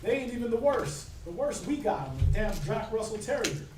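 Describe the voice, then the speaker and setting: A man's voice: high-pitched, sing-song, a little fast, over music. A man teaching a scripture class in an informal sermon style, talking conversationally and often checking in with "right?". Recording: echoey room recorded from far off.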